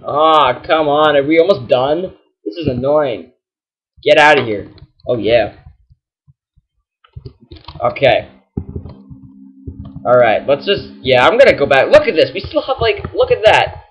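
A young man giving casual let's-play commentary, excitable and exasperated, yelling at enemies. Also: on the high side, unhurried, pauses often. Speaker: gaming channel host.

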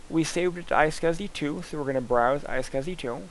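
A man instructor talking casually through a screen-recorded software lab, thinking aloud as he clicks through each step. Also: a little high, animated, normal speed, a little hiss or hum, poor audio.

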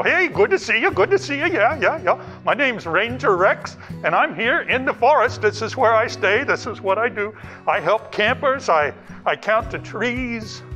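A man's voice: high-pitched, a bit bright, dull audio. A man playing a goofy, rambling forest ranger in a children's church video, chatty and bumbling with lots of repeated yeahs. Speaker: children's ministry character.

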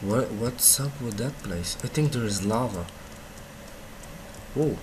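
Excitable young gamer man, slow talk. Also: medium pitch, noisy background. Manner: excitable, swears often, reacts loudly. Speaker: gamer playing the game. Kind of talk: casual gameplay commentary.

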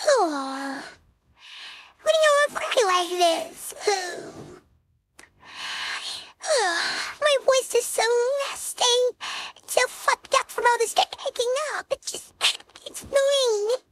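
A woman voicing a tall young wolf girl who keeps hiccupping, speaking in a squeaky, flustered, halting way in an audio role-play. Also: a bit bright, a little hiss or hum, heavily acted. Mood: frustrated whiny. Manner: flustered, pleading, halting speech. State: hiccupping constantly.

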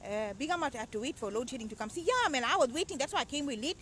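Comic matriarch host, aunty voiced by a woman; high, animated, rapid, always scolding. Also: slight background noise. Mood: bossy, teasing. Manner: chatty, teasing, scolding. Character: loud bossy middle-aged aunty matriarch. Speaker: show host. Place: outdoors at a beach.

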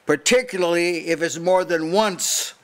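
A man's voice: high voice, measured pace, fairly bright tone. An older man preaching a sermon at a house church meeting, emphatic and challenging, often restarting his sentences.

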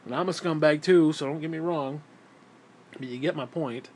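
A man's voice: on the high side, normal speed, darkish tone. A man in a vlog delivering an angry, profane religious rant full of sarcasm. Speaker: vlogger.

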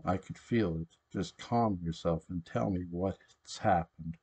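A man reading aloud, voicing a worried hermit witch who soothes and begs her daughter in a slow, low voice. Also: a little mellow, slightly rough, full character voice. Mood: urgent. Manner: soothing but urgent, begging.

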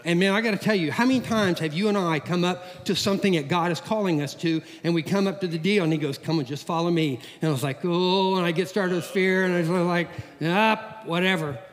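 A middle-aged pastor preaching in a church sanctuary, his voice sitting a little high for a man. He talks in a folksy, animated way, swinging from lively to hushed, and the long reverb of the hall trails after his words. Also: a little fast, hardly any pauses. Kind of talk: sermon.

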